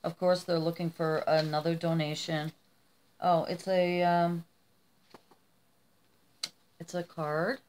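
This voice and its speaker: A woman's voice: on the low side, flat delivery, takes it slowly, long pauses. Gushing woman chatting to camera. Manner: effusive and gushing, with tearful warmth; rambling with restarts and fillers. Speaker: vlogger. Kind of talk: casual chat to camera.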